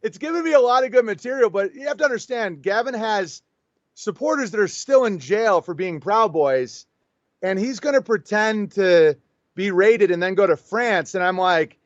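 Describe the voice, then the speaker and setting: A man whose voice sits high talks at a moderate pace as a guest in a casual interview, the sound lo-fi and free of echo. He tells a lively story, acting out the conversation from both sides.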